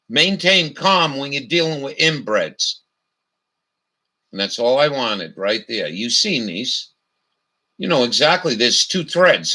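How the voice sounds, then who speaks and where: A man's voice: medium pitch, pushed and bright. A man from telling a profane, ranting story as a vlogger. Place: camper.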